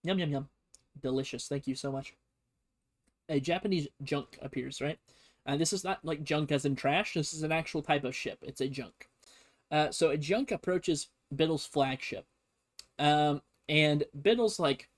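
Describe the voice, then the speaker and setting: A man's voice: fairly high pitch, normal speed. A man casually teaching history on a stream, rambling and joking with lots of fillers. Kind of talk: casual comedic history lesson.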